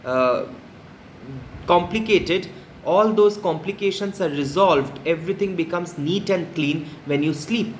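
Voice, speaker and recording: A man teaches a play, stopping after each quoted line to put it into simple words. His voice sits high and stays patient. The recording picks up the echo of the room and a faint hum of ambience behind him. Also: a little slow. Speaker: literature teacher.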